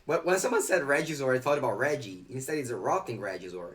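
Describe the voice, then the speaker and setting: A man's voice: mid-range voice, lively intonation, fast, hardly any pauses. Chatty young man streaming a card game. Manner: chatty, reads viewer chat aloud and answers it. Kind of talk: live game stream commentary.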